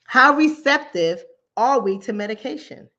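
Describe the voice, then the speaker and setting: A woman's voice: fairly high pitch, animated, a little slow, sharp tone. A woman hosting a mental health talk show, speaking in an emphatic, informal way and repeating phrases to drive her points home. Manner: informal speech, acts out callers and her own replies. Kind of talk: conversational commentary. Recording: dull lo-fi recording.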